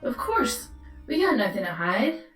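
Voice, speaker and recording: Suzette, a woman voicing a sly rough-talking mom. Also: on the high side, huge pitch swings, a little slow, roomy sound, recorded from a distance, soft background music, heavily acted, rough recording. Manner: falsely polite, then cursing and yelling. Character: sly rough-talking low-city mother, defensive.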